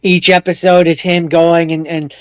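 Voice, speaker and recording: A young man co-hosting a podcast, thinking aloud in halting, stammering bursts during a casual movie chat. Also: on the high side, flat delivery, clean tone, no echo. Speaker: podcast co-host.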